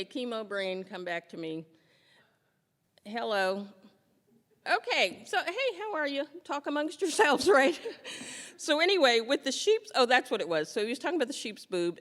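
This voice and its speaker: Woman storyteller, comic and animated, long hall reverb. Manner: animated, jumps into high squeals for quoted lines. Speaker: storyteller on stage. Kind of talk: humorous personal storytelling.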